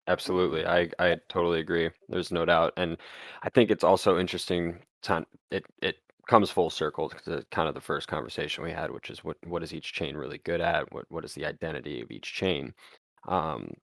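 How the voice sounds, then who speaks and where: A man's voice: deep voice, steady tone, fairly quick, vocal fry, fairly bright tone, dry recording. A man in a casual podcast panel discussion, agreeable and thinking aloud as he goes.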